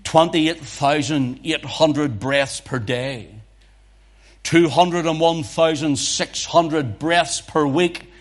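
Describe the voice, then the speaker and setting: A man preaching a sermon at a slow, deliberate pace. His voice sits in a middle register and drops to breathy near-whispers before rising to fervent, loud exhortation. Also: on the high side.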